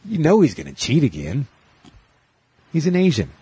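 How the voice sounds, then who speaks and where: A man's voice: on the high side, huge pitch swings, normal speed, dark tone, husky, dry recording. A man who does stand-up comedy, chatting crudely and jokily as a podcast host. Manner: crude, joking, profane. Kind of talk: casual chat.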